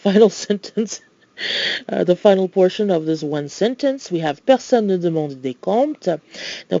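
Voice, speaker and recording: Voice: medium pitch, vocal fry, dark tone, no echo, dull audio. A language tutor giving a recorded lesson, explaining patiently with playful asides and reading French example phrases.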